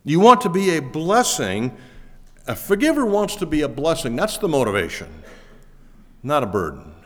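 A man preaching a sermon as pastor, pushing key words up loudly, then falling back low and quiet. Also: very animated, moderate pace. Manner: emphatic, rising to stress key words, then dropping low. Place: church auditorium. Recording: long hall reverb.

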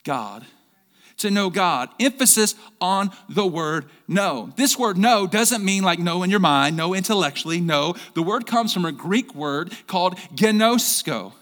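Middle-aged pastor guy preaching, high bright voice, big booming swings then quiet bits, long hall echo. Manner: energetic preaching with big swings in pitch and volume. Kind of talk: sermon. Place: large church hall.

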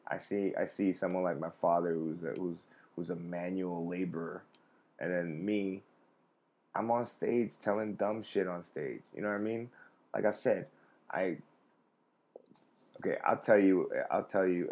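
A man's voice: low-pitched, darkish tone. A young adult man, a comedian hosting a live stream, telling rambling, profane, self-mocking stories in casual chat.

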